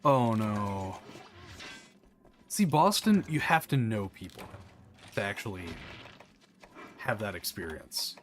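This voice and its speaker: A man's voice: lowish voice, measured pace, pauses often, soft background music. Chatty Southern US man, rambling. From American South. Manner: rambling, chatty, animated asides. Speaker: gameplay commentator. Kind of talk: casual gameplay chat.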